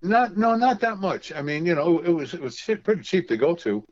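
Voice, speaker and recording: An older man from New York, telling stories as an interview guest in a halting way full of fillers and repeated words. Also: a little high, very animated, a little mellow, lo-fi sound. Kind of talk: casual storytelling.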